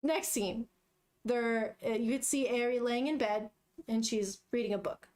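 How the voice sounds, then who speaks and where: Woman, young adult, manga read-aloud, chatty commentary, slightly high voice. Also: fairly even intonation, a little slow, darkish tone. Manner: chatty, giggly, narrates panels. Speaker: manga reader streamer.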